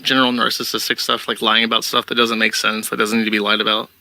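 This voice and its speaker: A man asking interview questions in a halting, tentative way. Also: on the low side, level tone, vocal fry, sharp tone, no echo, rough recording.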